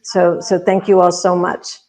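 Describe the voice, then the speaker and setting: A woman who leads a pageant organization, chatting on a video panel in a halting way, often laughing and thanking people. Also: lowish voice, completely flat delivery, creaky, darkish tone. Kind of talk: casual video panel chat.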